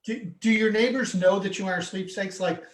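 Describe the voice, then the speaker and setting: A man's voice: sits high, fairly even intonation, moderate pace. A man hosting a casual interview, asking friendly, curious questions. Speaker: interview host. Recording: roomy echo.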